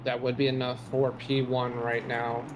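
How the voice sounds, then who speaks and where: A man's voice: mid-range voice, monotone, normal speed. Male race co-commentator, mid-range voice, dry teasing, faint hiss behind him.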